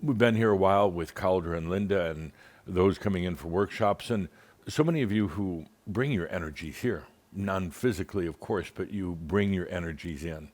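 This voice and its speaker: Wry, deep-voiced man giving a spiritual talk. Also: normal speed, darkish tone. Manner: wry, playful, rambling with fillers. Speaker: channeled spiritual teacher.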